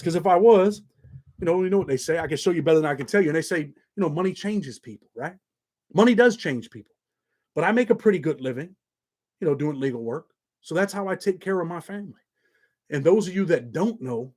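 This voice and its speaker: A middle-aged man talks straight to his viewers in a blunt, streetwise manner, with a voice that sits a little high for a man. He swears freely and keeps it loose and conversational. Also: darkish tone. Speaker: YouTube channel host. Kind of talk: casual monologue to viewers.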